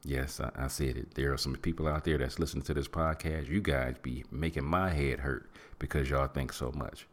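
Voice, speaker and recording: A middle-aged man hosting a podcast, giving animated, preachy advice in casual talk and acting out what people say. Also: very deep voice, moderate pace, few pauses. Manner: preachy, animated, acts out quotes and hums. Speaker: podcast host.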